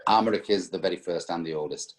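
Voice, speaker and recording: A man's voice: low voice, quick pace. A man being interviewed as a spirits importer, talking casually with many fillers and restarts as he tells stories.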